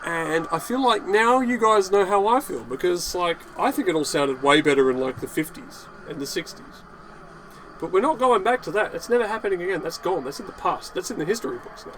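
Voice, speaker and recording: A man rants casually to his viewers, sarcastic and dismissive, with frequent swearing. His voice sits a little high for a man, and faint noise hums behind him. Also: animated, a little fast, fairly bright tone, rough recording. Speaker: video blogger. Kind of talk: casual ranting vlog.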